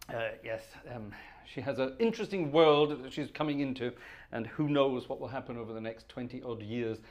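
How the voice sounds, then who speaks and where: A middle-aged British man with a posh accent, hosting a relaxed organ music livestream in a rambling, chatty way and chuckling at his own asides. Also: mid-range voice, a little fast. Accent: posh British English. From Britain. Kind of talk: casual livestream chat between organ pieces. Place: organ room.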